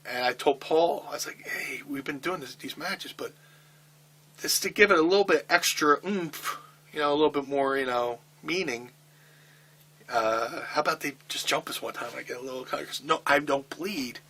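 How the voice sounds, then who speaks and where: A man's voice: on the high side, moderate pace, husky. A middle-aged man telling a candid, profane backstage story in an interview, acting out what people said. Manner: profane, animated storytelling with acted-out quotes.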